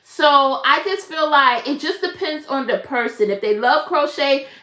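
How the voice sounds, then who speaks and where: Bright, high woman host for a casual crochet stream; chatty and greets viewers by name. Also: a little slow. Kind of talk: casual live-stream chat. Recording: echoey room.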